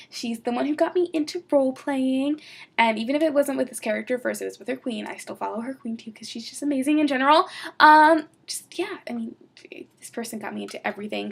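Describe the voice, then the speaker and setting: Young woman, New York accent, gravelly fry, rambling fan-blog chat full of fillers. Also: on the high side. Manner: rambling, giggly, many fillers and asides. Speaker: Star Wars role-play blogger. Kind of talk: casual chat answering fan questions.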